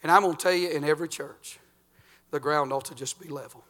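Older man, pastor preaching, bright voice, fairly high. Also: fast talker. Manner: folksy preaching, swinging from loud to quiet. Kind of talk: sermon.

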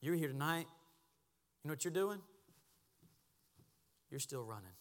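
A man preaching a sermon as pastor, impassioned, dropping to a hush and then rising to a shout. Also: fairly high pitch, expressive, a little slow, big-room sound. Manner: impassioned, swings from hushed to shouting. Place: church sanctuary.

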